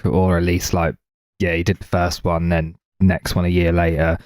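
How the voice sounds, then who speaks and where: A man co-hosting a podcast, calm in casual film chat, offering facts in few words. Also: low voice, moderate pace, no room sound, studio quality. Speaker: podcast co-host.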